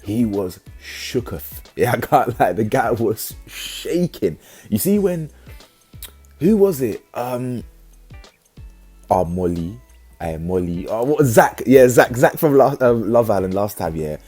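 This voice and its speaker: A man giving a casual, slangy reality show review, animated and full of restarts. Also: medium pitch, takes it slowly, husky, soft background music. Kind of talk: casual commentary.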